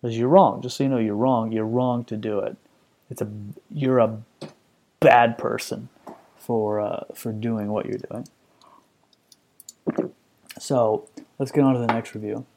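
A man's voice: mid-range voice, fairly even intonation, unhurried, gravelly, long pauses, mellow. A man in his thirties hosting a podcast, reacting to reviews in a profane, sarcastic, ranting way. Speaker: podcast host. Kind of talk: comedic ranting commentary.

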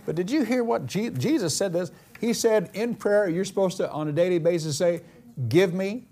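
A man preaching a sermon, slowing down for dramatic, emphatic declarations and then rushing through asides. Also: high voice, warm tone. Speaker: pastor.

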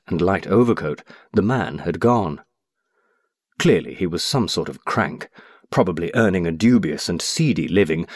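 Deep-voiced man narrating an audiobook. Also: dry recording, clean studio sound.

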